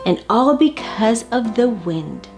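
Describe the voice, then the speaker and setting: A kind little male turtle from a storybook, musing softly and contentedly, voiced by a woman reading aloud, slow and rather high. Faint music plays underneath. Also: big pitch swings, heavily acted. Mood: content.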